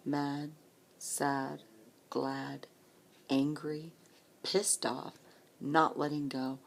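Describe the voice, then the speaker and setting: A woman in her late forties talks straight to her viewers in a low, gravelly voice. Her delivery is slow and earnest and often drops close to a whisper. She sounds like she is holding back tears, and a faint hiss sits under the recording. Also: little pitch movement. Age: 40s. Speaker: vlogger. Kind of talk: personal vlog message.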